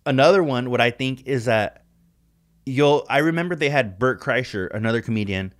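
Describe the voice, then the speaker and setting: A man in the middle of a laid-back podcast conversation, his voice sitting at an ordinary everyday pitch. He rambles from one thought to the next, swears freely, and leans on "like" constantly as he tells stories. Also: moderate pace. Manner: rambling, profane, heavy use of "like". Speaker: podcast co-host. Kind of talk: casual chat.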